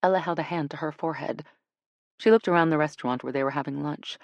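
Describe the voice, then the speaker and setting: A woman narrating a romance audiobook in a relaxed, expressive storytelling manner. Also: low voice, quick pace, no room sound. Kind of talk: scripted narration.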